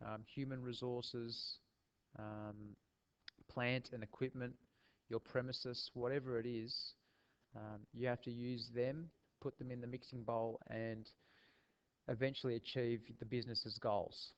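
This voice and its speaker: Male teacher with a head cold, nasal, mid-pitched, easygoing, filler-heavy lecture delivery, muffled recording. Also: a little slow. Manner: relaxed, with frequent ums and restarts.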